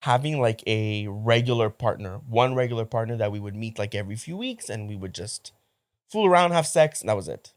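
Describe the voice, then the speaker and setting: A man co-hosting a casual podcast, telling a story with animated delivery and dropping to a hushed voice when he quotes others. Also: fairly low pitch, a little fast. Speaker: podcast co-host. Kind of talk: casual chat.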